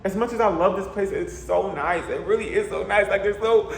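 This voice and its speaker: A man's voice: sits high, a little fast, gravelly. Chatty man ranting in an echoey apartment. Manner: chatty, animated, with playful asides. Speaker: vlogger. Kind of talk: casual vlog rant. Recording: echoey room with faint ambience.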